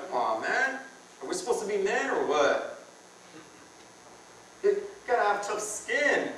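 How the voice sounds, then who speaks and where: A man preaching to a room of men in an earnest, conversational tone, hammering home phrases by repeating them. His voice sits a little high for a man. It was recorded from a distance in a very echoey church hall. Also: animated, normal speed, long pauses, a bit bright, a little hiss or hum. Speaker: preacher at a men's conference. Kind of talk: sermon. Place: church hall with a live audience.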